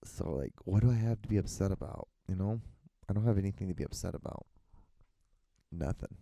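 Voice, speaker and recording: A young man rambles through a casual solo podcast, swearing freely and acting out what others said. His voice is low, dark and gravelly. It sounds close and dry, with no room echo. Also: lively intonation, brisk. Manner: rambling, swears a lot, acts out quotes. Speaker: podcast host.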